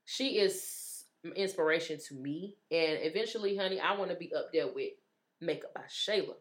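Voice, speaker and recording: A woman's voice: lowish voice, moderate pace. Chatty woman co-host calling listeners honey. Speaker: podcast co-host. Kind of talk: casual chat.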